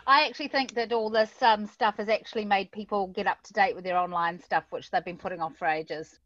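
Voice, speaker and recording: A woman's voice: mid-range voice, fairly even intonation, a little fast, fairly bright tone. NZ woman, call participant, casual friendly chat, muffled call audio. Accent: New Zealand. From New Zealand. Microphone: video call. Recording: slightly dull audio.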